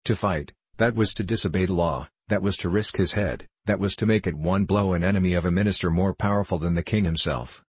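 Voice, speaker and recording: Give me a man reading a classic novel, deep and husky. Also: brisk, few pauses, dry recording. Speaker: narrator. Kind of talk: audiobook narration.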